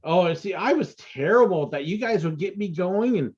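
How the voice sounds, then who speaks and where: A man's voice: high-pitched, lively intonation, fairly quick, darkish tone, breathy edge. A man casually chatting with a former coworker about their old show days, laughing along. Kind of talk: casual chat. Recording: dull lo-fi sound.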